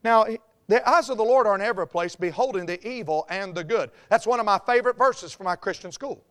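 A man with a Southern US accent, preaching a folksy, joking sermon as a pastor, swinging between quiet asides and loud outbursts. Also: high voice, fast. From American South.

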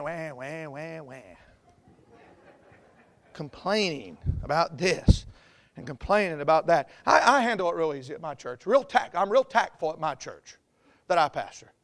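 Man, Southern accent, pastor's sermon, high voice, joking and folksy, loud-and-soft swings. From American South.

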